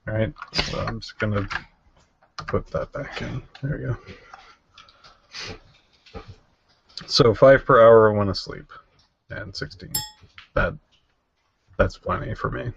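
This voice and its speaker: A man playing in an online tabletop game, speaking in a slow, halting way. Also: on the low side, creaky, breathy edge, dull audio. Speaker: player. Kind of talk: casual game chat.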